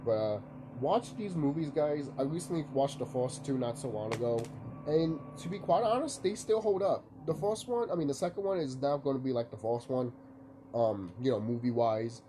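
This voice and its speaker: A man's voice: medium pitch, animated, normal speed, background noise. A young man vlogging from home in the early morning, sleepy and rambling, swearing casually and leaning on fillers. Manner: loose, rambling, lots of fillers and profanity.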